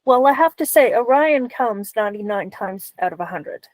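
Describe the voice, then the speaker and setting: A woman's voice: on the high side, lively intonation, normal speed, darkish tone, no echo, rough recording. A woman in casual chat, talking matter-of-factly.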